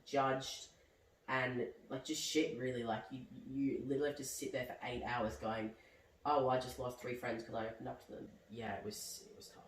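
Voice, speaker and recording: A man's voice: mid-range voice, flat delivery, normal speed. A young man, chatting casually as a podcast guest and rambling with lots of "like". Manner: rambling, heavy use of "like". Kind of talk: casual chat. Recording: roomy echo, distant mic, faint background noise.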